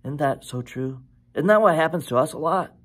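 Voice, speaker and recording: A man preaching a sermon as pastor, with animated, conversational storytelling and questions to his listeners. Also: fairly high pitch, fairly quick. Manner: animated storytelling, self-correcting.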